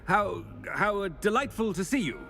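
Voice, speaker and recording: An actor playing a vain, pompous middle-aged headmaster who talks in a haughty, flustered way. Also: male voice, sits high, animated, normal speed, creaky, bright, forceful tone, exaggerated voice.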